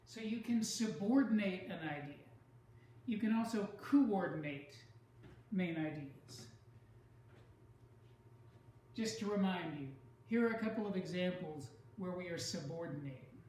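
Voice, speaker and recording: A man teaching a writing class, lecturing deliberately in short phrases with pauses between them. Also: high-pitched, a little mellow. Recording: very echoey classroom with faint noise.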